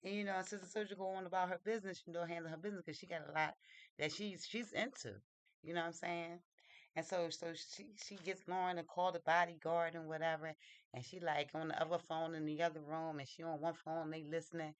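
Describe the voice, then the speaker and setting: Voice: medium pitch, little pitch movement, brisk, dry recording. A book reviewer casually retelling a novel's plot in loose, slangy talk full of fillers.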